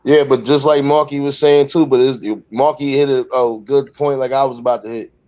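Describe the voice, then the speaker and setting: A man's voice: mid-range voice, level tone, darkish tone. A man hosting a casual panel discussion, talking reflectively and at length, often repeating "man" and "overall". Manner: reflective, drawn-out talk with many fillers. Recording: dull, dry lo-fi audio.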